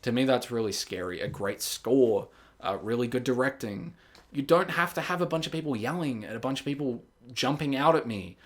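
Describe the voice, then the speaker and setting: A man giving a casual spoken movie review, sarcastic and exasperated, often jumping into high mocking voices to act out scenes. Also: fairly quick. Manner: animated, jumps into high mocking voices for quotes.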